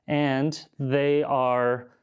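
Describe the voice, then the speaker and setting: A man's voice: mid-range voice, little pitch movement, very slow, clear, resonant tone, lo-fi sound. Playful laughing male show host. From United States. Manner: playful, laughs often, teasing. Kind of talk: casual interview chat.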